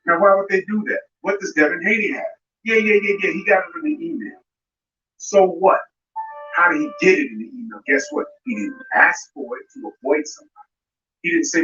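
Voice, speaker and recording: A man's voice: sits high, expressive, fairly quick, sharp tone. Guy ranting on a boxing stream, calls the fighter out, echoey room, dull sound, music faint underneath. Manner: confrontational, talks straight at the fighter. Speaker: boxing commentary host. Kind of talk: live commentary rant. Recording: roomy, distant, dull sound with music behind.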